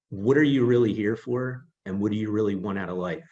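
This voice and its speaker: A man's voice: on the low side, fast talker, few pauses, mellow, highs cut off. A man with a New York accent, giving an earnest motivational talk full of rhetorical questions. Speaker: team leader giving a talk.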